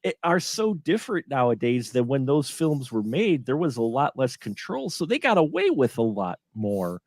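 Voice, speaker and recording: A man as a guest film reviewer in a casual live stream chat, animated, acting out his own reactions. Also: mid-range voice, normal speed, dry recording, studio quality.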